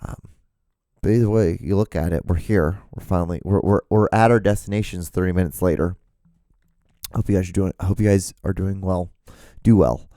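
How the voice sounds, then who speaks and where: A man hosts his own solo podcast, delivering a casual, jokey monologue that rambles and is full of swearing. His deep, dark-toned voice is brisk with fairly even intonation, in a dry, studio-quality recording.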